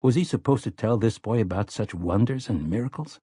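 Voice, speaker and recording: Warm, husky male audiobook narrator. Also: on the low side, animated, a little fast, dry recording, studio quality. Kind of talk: scripted narration.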